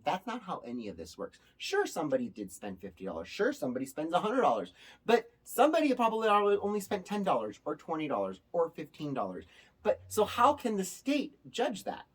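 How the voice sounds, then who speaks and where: This host's voice is high, husky, and a bit fast as he chats casually to his audience. His delivery is lively and forceful, with occasional sarcastic jabs.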